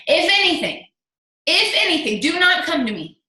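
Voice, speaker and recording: A woman's voice: extremely high pitch, sing-song, moderate pace, bright, forceful tone, reverberant, low-quality recording. A woman in her thirties, a team leader giving an emphatic, preachy motivational talk on a video call.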